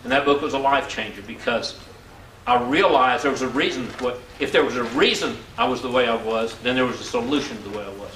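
Speaking fast at a medium pitch with a bit of brightness, a sixties-aged seminar speaker delivers an earnest business pep talk, driving points home through repetition. The sound is distant and echoey, as in a hall, with faint background noise.

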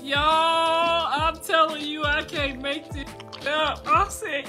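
High bright-voiced older woman laughing. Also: fairly even intonation, slow, faint music behind. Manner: laughing, loud, profane storytelling. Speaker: livestreamer. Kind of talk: casual live-stream rant.

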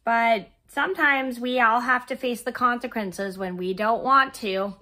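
A woman in her thirties, hoarse and scratchy while she gets over a cold, tells a casual story as she crochets. Her voice is bright, and she rambles on with lots of fillers and restarts. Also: fairly high pitch, a little slow. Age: 30s. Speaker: vlogger.

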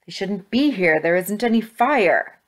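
A woman's voice: lowish voice, moderate pace, natural voice. A woman voicing a stern, watchful grandmother in a read-aloud storybook, with an urgent, commanding manner.

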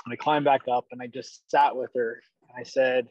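A man calling into a coaching session, telling a personal story in a casual, excited way and swearing freely. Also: medium pitch, moderate pace, dry recording, lo-fi sound. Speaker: caller on a coaching call. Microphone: online call.

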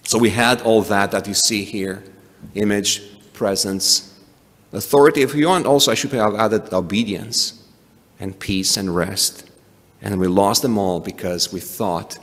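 A man preaching a sermon, animated, often restarting and adding asides. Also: low voice, a little slow. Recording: long hall reverb.

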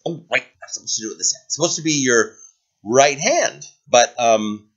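A man's voice: mid-range voice, animated, normal speed, lo-fi sound. Playful preschool teacher man, lilting voice. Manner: gentle, playful, sing-song talk to small kids. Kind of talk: circle time lesson for young children. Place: indoors, away from the classroom. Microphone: computer webcam.

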